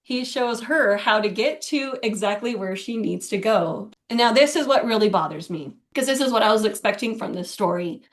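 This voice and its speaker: A woman's voice: fairly high pitch, lively intonation, normal speed, few pauses. A woman in casual chat, animatedly recapping a book plot, often laughing and acting out the characters' lines.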